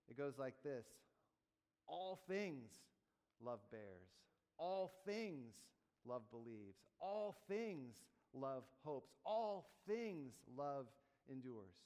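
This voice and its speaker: A man's voice: mid-range voice, darkish tone, clean tone. A man preaching a sermon, moving between explaining and building emphatic repeated phrases. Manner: emphatic rhythmic preaching with teaching asides. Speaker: pastor. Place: church sanctuary. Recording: long reverb of a church hall.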